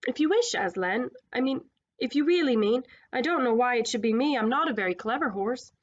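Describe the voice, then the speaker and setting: A woman voicing a humble, excitable male cab horse who talks quickly and eagerly. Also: fairly high pitch, muffled recording.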